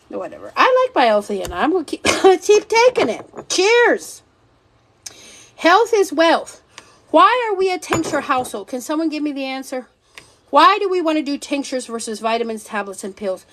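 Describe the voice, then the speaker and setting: A middle-aged woman hosting a wellness livestream, blunt and sassy, preaching to her viewers and reading their comments. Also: high voice. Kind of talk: live stream chat with viewers.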